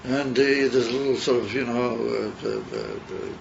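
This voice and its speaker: A man giving a yeshiva class lecture, mixing English with Yiddish and Hebrew terms and pausing often with fillers. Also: mid-range voice, fairly even intonation, creaky. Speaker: Torah teacher. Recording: dull lo-fi class recording with faint noise.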